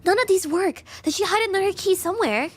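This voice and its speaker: A woman's voice: extremely high pitch, lively intonation, quick pace, voice pushed up. A woman voicing a plucky young girl detective. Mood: puzzled.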